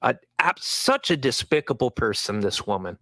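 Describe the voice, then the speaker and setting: A man's voice: medium pitch, big pitch swings, moderate pace, pushed and bright, no room sound. A man hosting a commentary channel who scolds and rants angrily at the people in the clips. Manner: angry, scolding rant. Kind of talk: recorded video commentary.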